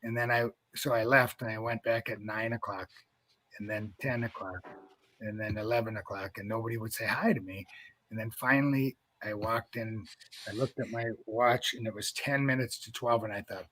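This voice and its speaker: A man's voice: on the low side, fairly even intonation, normal speed, fairly bright tone, no echo. A man in his fifties from North Dakota, a wrestling coach being interviewed, telling a long story in a rambling way with many restarts.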